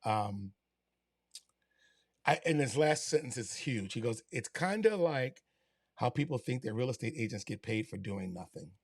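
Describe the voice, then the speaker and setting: A man's voice: medium pitch, very animated, moderate pace, breathy edge, dry recording. Chatty man, dry close sound. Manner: chatty, many fillers and restarts. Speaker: host. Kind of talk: casual talk to other agents.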